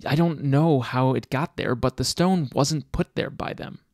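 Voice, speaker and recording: A man reading the lines of an earnest, quick-tempered schoolboy wizard aloud from a draft passage, in a near-everyday voice. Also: mid-range voice, darkish tone, no room sound, clean studio sound, lightly acted. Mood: indignant.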